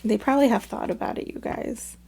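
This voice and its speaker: A woman giving a relaxed, chatty tarot reading to her viewers. Her voice sits a little high but sounds mellow and warm, with a gravelly fry running through it. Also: a little fast. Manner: chatty, addresses viewers as "my loves" and "you guys". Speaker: tarot reader.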